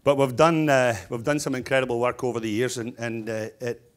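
A man's voice: mid-range voice, flat delivery, a little fast. Chatty middle-aged man telling stories. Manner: humorous storyteller, chatty with restarts. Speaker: keynote speaker, stonemason business owner. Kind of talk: anecdotal keynote speech.

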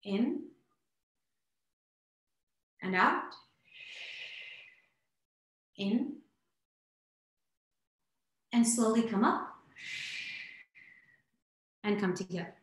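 A woman dance instructor leading a guided movement exercise over a video class, narrating slowly step by step with coaching asides. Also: medium pitch, expressive. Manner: slow guiding narration in first person, warm coaching asides. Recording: very echoey room.

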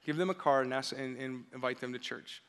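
A male pastor delivering an energetic sermon at a church service, building to emphatic preaching and leading the congregation in call-and-response. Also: mid-range voice, fairly quick.

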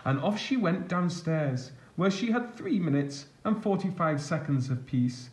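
A man reading a picture book aloud as a storyteller, gentle and expressive. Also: on the high side, measured pace, echoey room, a little hiss or hum.

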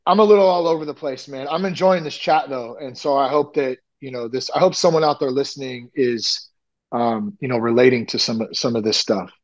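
A man talking candidly as a podcast guest, rambling with lots of fillers and lively retellings. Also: mid-range voice, brisk, muffled recording. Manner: rambling, frequent "like" and "you know", animated retellings. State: nearly ten years sober. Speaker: podcast guest, recovery coach. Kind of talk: candid conversational storytelling.

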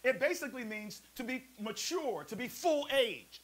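A man preaching a sermon as pastor, lively and playful, calling on the congregation to answer back. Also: very high-pitched, moderate pace, rough recording. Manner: preachy, call-and-response, playful asides. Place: church service also streamed to a prayer line.

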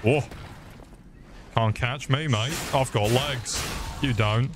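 A man's voice: mid-range voice, slow, long pauses. A young man streaming a game, grumbling and joking crudely with lots of swearing as he plays. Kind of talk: live gameplay commentary. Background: game music.

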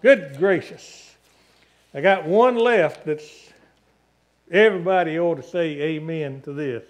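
Here a pastor with a slightly high voice preaches slowly in the church sanctuary. He leans on long, emphatic, repeated lists and keeps calling for amens from his listeners.

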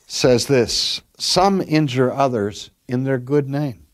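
A man's voice: medium pitch, expressive, slow. Older man preaching a sermon. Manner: storytelling, varies loudness from soft to emphatic. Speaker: pastor.

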